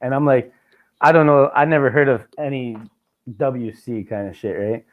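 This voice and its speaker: A man's voice: mid-range voice, normal speed, narrow, tinny audio. A man from Canada hosting a podcast, telling travel stories in casual chat, full of swearing and acted-out dialogue. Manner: profane, animated storytelling with mimicked dialogue. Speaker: podcast host.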